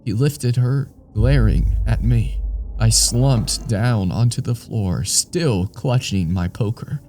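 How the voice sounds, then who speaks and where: A man reading a scripted first-person horror story in a deliberate, ominous way. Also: mid-range voice, dark tone, a little hiss or hum.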